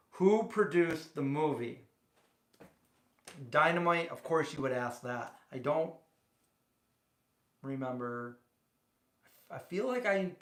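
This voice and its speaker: A man's voice: a little high, a bit bright, reverberant. A man hosting a casual livestream from his home kitchen, rambling and chatting directly with viewers. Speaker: livestream host. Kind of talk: casual chat.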